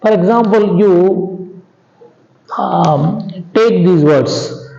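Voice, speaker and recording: A man with an Indian English accent teaching an English grammar lesson, slow and repetitive, often asking "understand?" and letting his pitch drop at the ends of sentences. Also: vocal fry, warm tone. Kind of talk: classroom lecture. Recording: echoey room, dull lo-fi sound.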